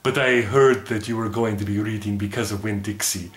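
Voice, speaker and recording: A man's voice: on the low side, fairly even intonation, a little fast, echoey room, close to an everyday voice. A man voicing an eager, polite puppy puppet in a classroom lesson video. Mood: cheerful. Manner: polite, eager, a bit formal. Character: puppy mascot "Math Mud", eager male dog puppet.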